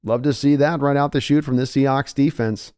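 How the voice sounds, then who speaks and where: A live reaction host calls a game play-by-play as a fan, chatting in his early-morning voice and ramping up when a big play happens. His medium-pitched, darkish voice is smooth and brisk, with fairly even intonation.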